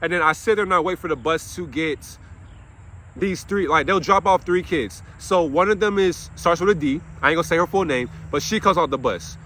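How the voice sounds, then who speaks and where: A man's voice: on the high side, brisk, a bit bright, a little hiss or hum. A young man, an after-school counselor, delivering an impassioned monologue, preaching and swearing, asking himself questions and answering them. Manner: swears while venting.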